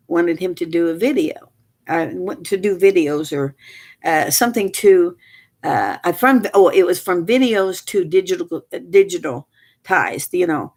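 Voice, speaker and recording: An older woman telling a family story in a casual, rambling way, full of restarts and fillers, and getting animated as she relives events. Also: fairly low pitch. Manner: animated, rises sharply when reliving moments.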